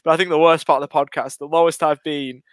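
A man's voice: a little high, fairly even intonation, quick pace, dry recording. A man co-hosting a podcast, rambling and mocking himself in casual chat. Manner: self-mocking, rambling, laughs easily. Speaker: podcast co-host.

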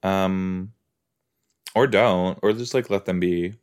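A man casually reacting to a TV episode as a podcast host, rambling and excitable, often cutting himself off mid-thought. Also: deep voice, slow pace, long pauses, clear, resonant tone. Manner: rambling, excitable, self-interrupting.

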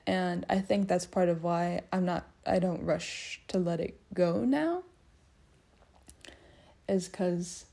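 In a creaky, mellow voice of medium pitch, a young woman meanders through a self-mocking, reflective monologue that loops around loosely. Faint sounds of people drift in from the hallway.

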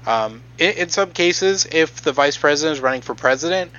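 Man, podcast host, hesitant explainer, bright voice, muffled lo-fi recording. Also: on the high side, lively intonation, brisk. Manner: hesitant, many ums, matter-of-fact. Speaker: podcast host presenting research. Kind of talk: explaining a topic from notes.

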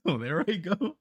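A man's voice: high-pitched, husky, no echo, dull audio. A man telling a story in casual podcast chat, swearing a lot, stammering on repeated words and laughing. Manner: profane, laughing, many restarts and stammers.

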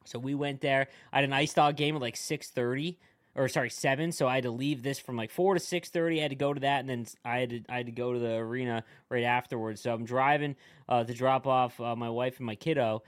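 A young man with a mid-range voice hosts a relaxed podcast chat, talking excitably and reacting fast to the others. The sound is close and dry, with no room echo. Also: mid-range voice. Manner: excitable, chatty, quick reactions. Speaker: podcast host. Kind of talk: casual chat.

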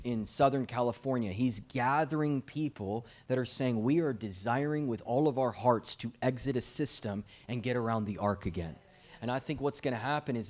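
A young man delivers a church sermon with an easy, storytelling warmth, slipping in jokes between points. His voice sits in an ordinary middle range, neither deep nor high. He speaks into a mic, addressing a congregation. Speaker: guest preacher.

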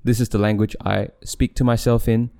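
A young Malaysian man hosts a casual solo podcast, rambling, interrupting himself with frequent restarts and laughing often. His voice is on the low side, warm and creaky, with flat delivery at a fairly quick pace, and his English is neutral with a light Malaysian tinge.

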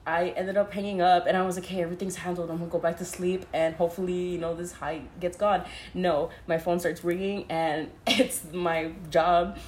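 A young woman telling a story casually, laughing often, saying "like" constantly and swearing freely. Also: on the low side. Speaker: podcast co-host. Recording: roomy echo.

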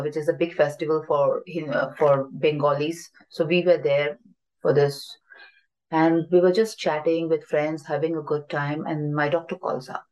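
A woman's voice: deep voice, darkish tone, poor audio. A woman in her forties, earnest and emotional, tells her personal story as an interview guest and slips into Hindi now and then. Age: 40s. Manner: earnest, mixes in Hindi phrases.

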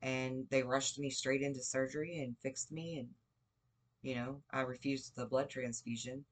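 Speaking at a normal speed in a very deep, steady voice, a podcast speaker recounts something that happened to her. She wanders conversationally through the tale, often using fillers and starting over.

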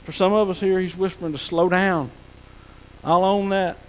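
Man, pastor, high voice, folksy sermon, long church reverb. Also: steady tone, moderate pace. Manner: folksy preaching, drops to soft hushed tones for God's whispers. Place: church sanctuary.

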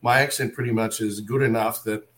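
An Australian man, a wrestler and actor, telling animated stories in a casual interview and acting out other people's lines as he goes. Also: mid-range voice, a little fast, a little hiss or hum.

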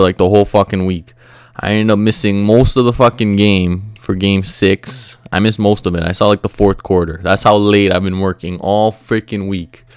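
Young male podcast host, smooth, dry close-mic voice, venting and swearing in a loose solo rant. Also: lowish voice, dry recording. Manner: frustrated, profane, rambling with filler words.

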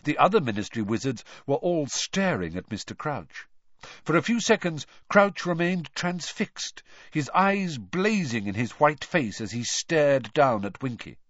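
A man narrates an audiobook with an animated, widely moving pitch and an expressive delivery. The recording is dry, with a dull, lo-fi tone. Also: measured pace, no echo. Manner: expressive, lively storytelling. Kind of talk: audiobook reading.

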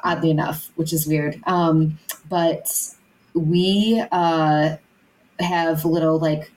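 A young woman co-hosts a podcast, chatting casually in a low, slightly mellow voice. She rambles with lots of filler words and restarts, and the audio quality is poor.

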